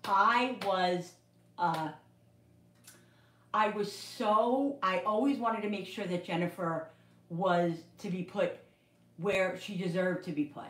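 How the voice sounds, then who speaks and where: A woman's voice: medium pitch, slow, long pauses, distant mic. A middle-aged woman hosting a cooking livestream, chatting casually and telling a story in a rambling, repetitive way with many restarts. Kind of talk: casual chat while cooking. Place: home kitchen. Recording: echoey room, voice away from the mic.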